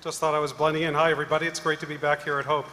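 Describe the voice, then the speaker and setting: A middle-aged man on a conference panel, telling an animated story and acting out the people in it. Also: on the high side, rapid-fire, very noisy. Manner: animated anecdote-telling, acting out quoted voices. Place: large conference hall. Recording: echoey hall, live panel mic.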